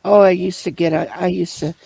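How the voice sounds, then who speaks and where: A man telling a long personal story in casual chat, rambling and halting as he loops back over his points. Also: high-pitched, fairly even intonation, gravelly, mellow, slightly rough, poor audio. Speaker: storyteller in a conversation.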